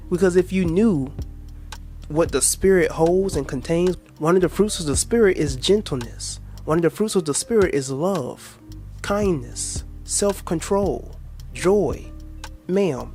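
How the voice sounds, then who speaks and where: Dude preaching at the camera, bit high voice, faint music behind. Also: male voice, darkish tone. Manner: lecturing, quotes scripture, crude asides. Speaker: reaction video host. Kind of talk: preachy reaction commentary.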